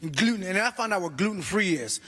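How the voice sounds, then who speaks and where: Middle-aged male stand-up comic, high pitched and animated, performing in a reverberant hall. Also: fairly quick, slightly rough. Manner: animated, exclaiming, acting out voices. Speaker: stand-up comedian. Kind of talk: stand-up comedy set. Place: church comedy stage.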